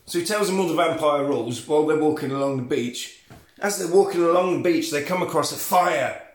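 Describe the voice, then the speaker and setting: A man's voice: fairly high pitch, fairly quick. A man comically retelling a film plot, swearing and acting out the characters. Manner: animated storytelling, swears, acts out characters. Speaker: podcast host. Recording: roomy echo.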